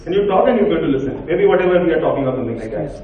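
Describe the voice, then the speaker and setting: A man's voice: on the high side, lively intonation, very fast, slight background noise. A man with an Indian English accent giving an interactive workshop talk, directing volunteers with short commands. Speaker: workshop speaker. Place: large hall with an audience. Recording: echoey hall, far from mic, tinny.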